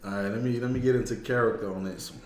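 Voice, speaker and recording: A male streamer in casual banter during a game, drawling and halting with many fillers. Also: fairly low pitch, steady tone, roomy sound, a little hiss or hum.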